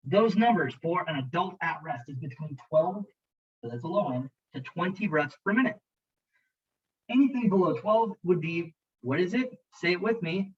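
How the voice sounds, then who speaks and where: Jokey EMT instructor narrating slides. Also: male voice, fairly high pitch, expressive, normal speed, slightly rough, dull audio. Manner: jokey, conversational, talks to students directly.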